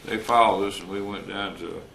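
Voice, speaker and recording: A man's voice: fairly low pitch, steady tone, a little fast, vocal fry, bright, forceful tone. Older man, retired wildlife officer, storytelling interview, roomy recording with faint hiss. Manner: folksy, anecdotal, acts out quoted dialogue.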